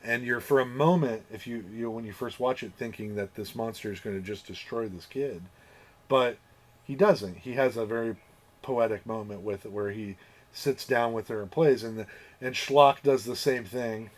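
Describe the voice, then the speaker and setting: A podcast host recaps a film in casual, rambling chat, swearing and laughing along the way. He has a medium-pitched voice and talks at a normal speed.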